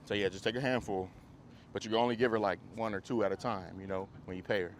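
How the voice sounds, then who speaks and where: A man teaching a dog training class outdoors, coaching owners and breaking into high, excited praise for the dogs. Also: quick pace, a little hiss or hum. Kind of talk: hands-on group class instruction.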